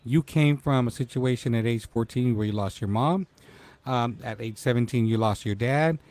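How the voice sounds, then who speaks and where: A man's voice: medium pitch, moderate pace, a little mellow, no echo. A man in his forties hosting a casual live-stream talk show, emotional and tearful as he speaks to his guest. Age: 40s.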